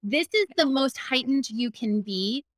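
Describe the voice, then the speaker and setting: A woman's voice: sits high, animated, a little slow, no room sound. A woman hosting a podcast, chatting casually and empathetically with her guest, laughing easily. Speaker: podcast host.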